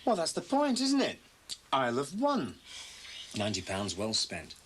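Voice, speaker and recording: Stubborn husband, dry, evasive, very expressive swoops in pitch. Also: male voice, a little slow, slight background noise. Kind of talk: TV soap acting.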